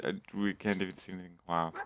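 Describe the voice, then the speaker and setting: A man hosting a gaming channel, giving let's play commentary with loud, sweary reactions to the game. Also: sits low, flat delivery, fast talker, slight background noise.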